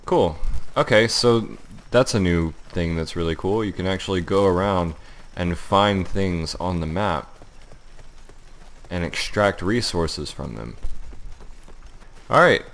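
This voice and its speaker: A young man giving let's-play commentary, thinking aloud and reacting excitedly as he plays. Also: sits low, slow. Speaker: gaming channel host.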